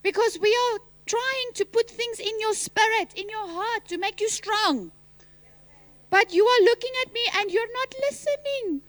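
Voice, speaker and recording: With an extremely high-pitched voice and an unhurried pace, a woman teacher addresses a school assembly into a microphone in a dry recording. She teases and quizzes the pupils animatedly, occasionally calling out loudly.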